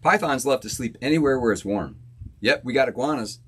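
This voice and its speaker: A man from Florida, a musician hosting a live stream from his home studio, chatting casually with viewers, laid-back and quick to laugh. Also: medium pitch, animated, slight background noise.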